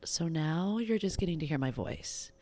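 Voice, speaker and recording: A woman's voice: low voice, lively intonation, normal speed, mellow. A woman in her thirties hosting her own podcast in casual solo chat, bubbly and giggly, poking fun at herself. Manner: giggly, bubbly, self-mocking, drawling filler-heavy talk. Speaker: podcast host. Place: home recording setup in Wisconsin.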